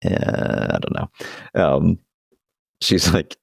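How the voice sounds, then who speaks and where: A man's voice: very deep voice, lively intonation, takes it slowly, vocal fry, breathy edge, no echo, clean studio sound. A young man co-hosting a podcast in casual chat, laughing often as he retells scenes. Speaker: podcast co-host.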